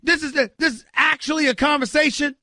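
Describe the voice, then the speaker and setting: A man hosting a sports talk show, ranting loudly and emphatically with incredulous exclamations and direct calls to his listeners. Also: extremely high pitch, steady tone, a little fast, no echo. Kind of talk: sports radio rant.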